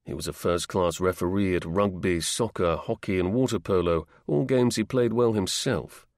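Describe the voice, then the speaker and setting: A man reading a history audiobook in a measured, steady narrating voice. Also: deep voice, no echo, clean studio sound. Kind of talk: scripted narration.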